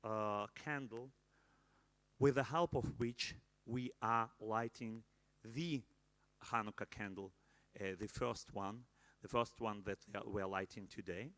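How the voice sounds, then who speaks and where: A man with an Israeli accent leading a candle-lighting prayer at a live celebration, halting with many fillers and joking asides to the crowd. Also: fairly low pitch, steady tone, a bit bright, dry recording.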